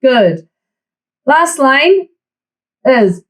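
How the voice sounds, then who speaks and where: A woman teaching a flute lesson, giving tips and counting the student in with steady encouragement. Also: sits high, very slow, poor audio. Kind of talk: online music lesson.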